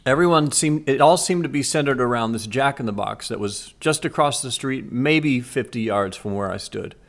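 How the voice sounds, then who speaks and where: A man vlogging, earnestly retelling a frightening day to his viewers in a casual, animated way. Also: mid-range voice, normal speed, creaky. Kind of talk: casual storytelling to camera. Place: Los Angeles area.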